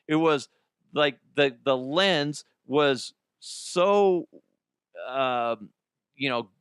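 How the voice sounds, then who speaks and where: A man hosting a podcast, telling work stories in a casual, profane, animated way and laughing at himself. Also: medium pitch, clean tone, no echo, clean studio sound. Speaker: podcast host. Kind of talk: casual storytelling monologue.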